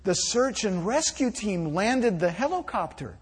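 A man voicing a small child who whispers quiet answers into a telephone, in a joke told during a sermon. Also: sits high, wildly swooping pitch, unhurried, breathy edge, long reverb tail, full character voice. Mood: hushed whisper. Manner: soft hushed whisper.

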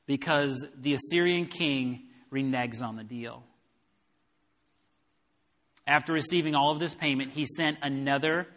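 A man's voice: medium pitch, fairly bright tone. A man preaching a sermon, explaining a Bible passage verse by verse and retelling it in everyday words. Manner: expository Bible preaching with paraphrase. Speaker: pastor. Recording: long hall reverb.

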